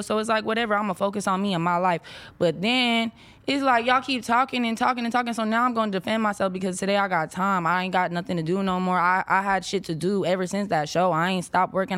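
Brash fast-talking young woman ranting. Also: mid-range voice, fairly bright tone. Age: 20s. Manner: brash, profane, rapid-fire venting. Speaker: guest, former reality show cast member. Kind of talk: casual chat, ranting.

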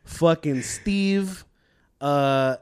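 A young man casually telling a profane, animated work story on a podcast, laughing as he goes. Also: fairly high pitch, drawn-out words, clear, resonant tone. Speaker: podcast co-host.

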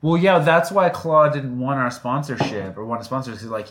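A man's voice: medium pitch, a little fast, few pauses, a bit bright. Male podcast co-host, dry sarcastic jokes, casual banter. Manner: joking, sarcastic. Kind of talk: casual chat.

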